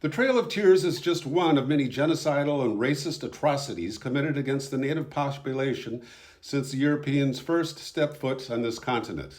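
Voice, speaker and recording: A man narrating his own documentary footage in a calm, measured, subdued voice-over. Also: mid-range voice.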